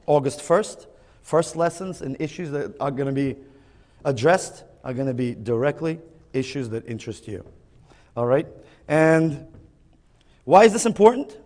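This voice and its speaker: A man's voice: on the high side, darkish tone. A man giving a salesy conference presentation, punchy and swearing freely as he tells a joke. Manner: salesy, punchy storytelling with profanity. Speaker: conference speaker. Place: large conference hall. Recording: echoey hall with long reverb.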